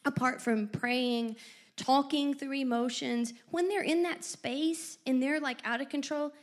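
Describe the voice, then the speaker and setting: A middle-aged woman co-hosting a faith-based parenting chat, telling stories with lively asides. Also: high-pitched. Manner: animated storyteller with lively asides.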